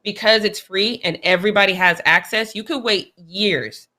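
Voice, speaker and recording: Bright, emphatic woman co-host. Casual sports talk, opinionated. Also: mid-range voice, moderate pace. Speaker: podcast co-host.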